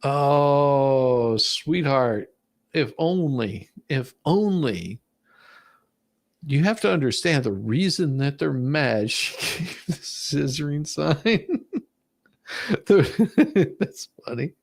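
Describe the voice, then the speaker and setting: A man with a gravelly, creaky voice reacts to video clips in a commentary vlog. He talks sarcastically, cracking mocking jokes and laughing often. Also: on the high side, animated, extremely slow.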